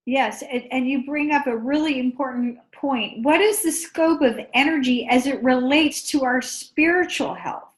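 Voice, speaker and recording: A woman with a high voice hosts a radio interview. She puts brisk, curious questions to her guest. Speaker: radio show host.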